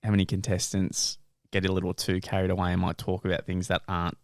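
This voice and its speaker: A young man co-hosting a podcast, telling stories in an animated way, laughing and swearing casually. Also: low voice, quick pace, no room sound, studio quality. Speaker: podcast co-host. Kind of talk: casual chat.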